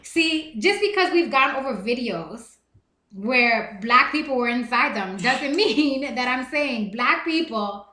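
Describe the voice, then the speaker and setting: A woman hosting a live stream, talking in an animated, emphatic way and repeating words to drive her points home. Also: sits high, takes it slowly, roomy sound. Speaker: livestream host. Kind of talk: casual live-stream chat.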